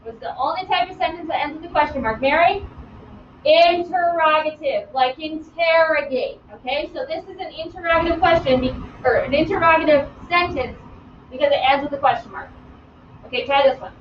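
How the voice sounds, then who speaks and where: Woman teacher running an online class, playful, high voice, dull roomy sound. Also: fairly quick, distant mic, noisy background. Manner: lively, playful, calls on students by name. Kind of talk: live online class lesson.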